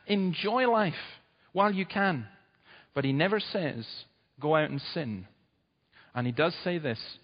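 A man preaching a sermon in an emphatic, urgent way, his voice rising sharply at points of stress. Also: medium pitch. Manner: emphatic, urgent preaching with sudden loud rises. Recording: dull sound with long hall reverb.

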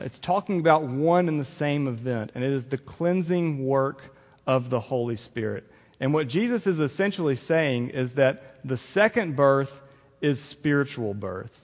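A male pastor giving an earnest sermon, explaining scripture with occasional restarts. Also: mid-range voice. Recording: dull audio with long reverb in a hall.

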